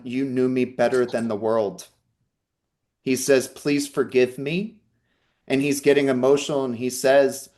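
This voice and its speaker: A man's voice: medium pitch, a little mellow. A man working as a psychic medium in an online talk, earnestly relaying messages and reassuring the listener over a video call. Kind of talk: live online talk and reading.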